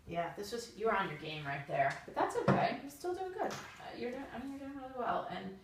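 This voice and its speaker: A woman's voice: a little high, sing-song, brisk. Encouraging woman tutor, distant and roomy. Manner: encouraging, patient, chatty with fillers. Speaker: reading tutor. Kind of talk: one-on-one reading lesson. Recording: roomy, distant mic with background noise.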